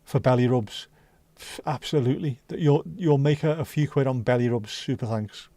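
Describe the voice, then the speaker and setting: This livestream host hails from Liverpool, England, and speaks with a Scouse accent, rambling chattily and swearing without hesitation. His mid-range voice has a dark tone at a normal speed, and the recording is dry.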